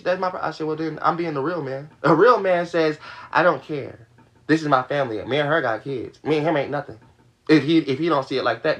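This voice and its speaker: The livestream host keeps unloading on his viewers, profane and heated, hammering the same points. His voice is a little high with a fairly bright tone.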